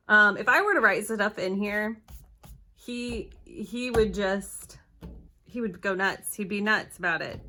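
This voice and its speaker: A woman's voice: mid-range voice, takes it slowly, bright, forceful tone, a little hiss or hum. A young woman, chatting casually to camera at her table, flustered and rambling, correcting herself as she goes. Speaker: planner vlogger. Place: at home at a table.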